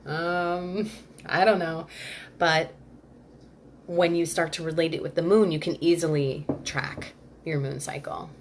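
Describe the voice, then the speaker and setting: Low-voiced woman hosting a chatty workshop. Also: steady tone, unhurried, slight background noise. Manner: chatty, reads viewer comments aloud and answers them; loose and rambling, full of "like" and restarts. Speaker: Ayurveda workshop host. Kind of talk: live-streamed workshop talk.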